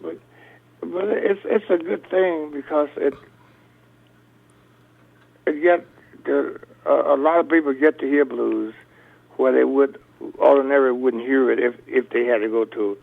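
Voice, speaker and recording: An older blues musician talking as a radio interview guest, rambling through stories with many restarts. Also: male voice, medium pitch, measured pace, creaky, long pauses. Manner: rambling storyteller, restarts often. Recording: tinny phone line.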